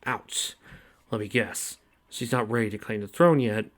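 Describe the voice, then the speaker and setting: A man's voice: on the low side, unhurried, fairly bright tone. A man reading the lines of a cocky, lovestruck young male squirrel hero in a dry, teasing way. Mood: wry.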